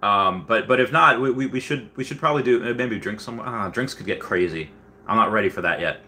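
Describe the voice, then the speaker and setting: Young guy rambling on his stream, bright voice, lots of ums, self-deprecating. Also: lowish voice, fairly quick, slight background noise. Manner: rambling, self-deprecating storytelling with frequent fillers. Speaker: livestream host. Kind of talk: casual livestream chat reading viewer comments.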